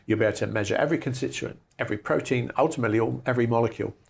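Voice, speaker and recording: A man's voice: medium pitch, racing, creaky, slightly rough. A man, a lab director, answering interview questions earnestly in long careful sentences. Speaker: lab executive director and scientist.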